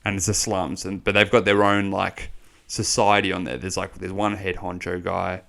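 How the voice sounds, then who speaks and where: A young Australian man co-hosting a podcast, telling a long travel story in a rambling, animated way, full of swearing. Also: low-pitched, normal speed, creaky. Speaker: podcast co-host. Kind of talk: casual storytelling chat.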